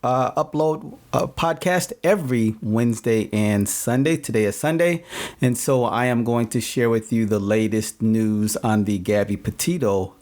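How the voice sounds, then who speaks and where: A man hosting a solo podcast, chatting casually with lots of fillers and repeating his questions. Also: medium pitch. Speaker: podcast host. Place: home in Phoenix, Arizona.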